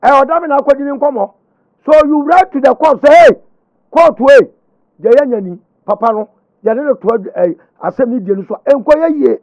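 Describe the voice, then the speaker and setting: High-voiced man on muffled radio. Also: normal speed, darkish tone, dry recording. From Ghana. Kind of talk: mixed Twi and English radio talk. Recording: dry muffled radio broadcast.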